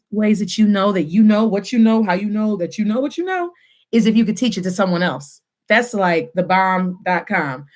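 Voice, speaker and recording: An animated woman in her thirties, teaching from home and switching back and forth between English and Spanish. She has an average pitch and teaches with playful energy. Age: 30s. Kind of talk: online lesson, teaching Spanish phrases.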